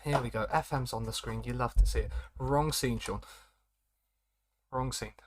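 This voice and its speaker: A man's voice: mid-range voice, moderate pace, noisy background. Chatty man streaming a game. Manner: chatty, rambling, repeats catchphrases. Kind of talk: casual live-stream commentary.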